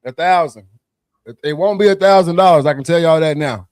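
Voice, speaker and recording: A man's voice: on the high side, a little fast, darkish tone, no room sound. A man from Arkansas, co-hosting a casual podcast and hyping the chat and giveaways. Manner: laid-back, hypes the chat and giveaways. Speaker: podcast co-host.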